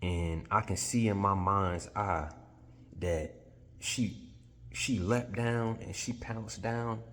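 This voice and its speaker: A man voicing a pompous male bug prosecutor who speaks slowly and grandly. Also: lowish voice, fairly even intonation, fairly bright tone, a little hiss or hum. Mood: grandiose.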